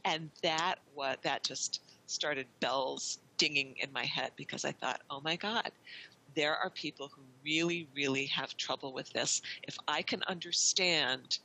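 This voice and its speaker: A middle-aged woman with a very bright, ringing voice tells a story at length as a podcast guest. She talks in a chatty way, full of restarts and quoted dialogue. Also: deep voice, a little slow, rough recording. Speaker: wayfinding consultant, guest.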